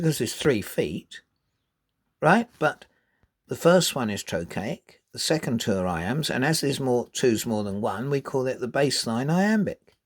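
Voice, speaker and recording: A man gives an unhurried lesson on poetic metre. His voice swings widely in pitch as he stresses the strong beats. He reads the quoted lines slowly and deliberately. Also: husky. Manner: animated, emphatic explaining with restarts. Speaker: poetry teacher. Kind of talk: explanatory lesson.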